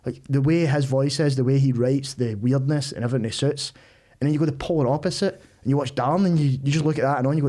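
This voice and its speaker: A man's voice: mid-range voice, steady tone, fast, dark tone. A man, a comedian guest in casual chat, blunt and sweary, calling the other man mate.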